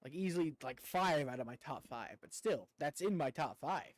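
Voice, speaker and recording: Young male streamer, slight rural twang, lively pitch, rambling casual talk. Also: normal speed, no echo, rough recording. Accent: rural American Southern twang. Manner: rambling, talkative, casual swearing. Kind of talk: casual chat with viewers while gaming.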